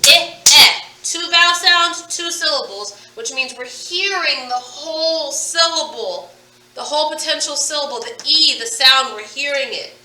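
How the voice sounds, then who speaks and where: Her high, bright voice carries a forceful tone at a moderate pace as she teaches phonics. Playfully, she over-enunciates and stretches the target sounds of each word, recorded far from the mic in an echoey space.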